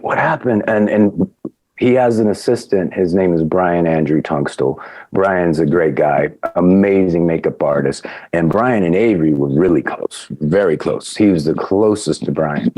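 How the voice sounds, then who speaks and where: A man speaking as a podcast guest, telling an animated anecdote about his old TV crew days and acting out the people in it. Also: low-pitched, breathy edge, no echo. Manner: lively storyteller, acts out quoted people.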